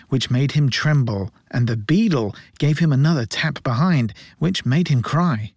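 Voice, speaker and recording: A man narrating a classic novel in a measured, gently ironic reading voice. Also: medium pitch, dry recording, studio quality. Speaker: audiobook narrator. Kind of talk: scripted narration.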